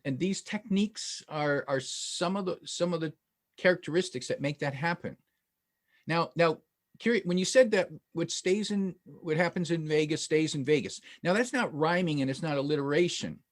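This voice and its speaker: Man, host, higher voice, halting and repetitive delivery. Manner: hesitant, repeats words while forming his thoughts. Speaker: interview host. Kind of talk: conversational interview.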